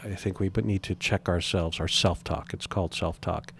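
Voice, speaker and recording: A middle-aged man with a lowish voice, talking earnestly as a guest in an interview. He often halts and restarts his sentences as he works toward his point. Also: fairly even intonation, gravelly, fairly bright tone, a little hiss or hum. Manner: earnest, halting with repeated restarts. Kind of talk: reflective interview talk.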